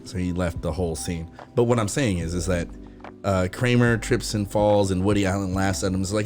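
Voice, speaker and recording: A man's voice: deep voice, fairly quick. A man co-hosting a loose podcast chat, retelling sitcom scenes with lots of energy. He jumps into goofy voices for the characters as he goes. Faint music plays underneath. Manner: animated storyteller, acts out sitcom scenes in silly voices. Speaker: podcast co-host. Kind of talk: casual chat.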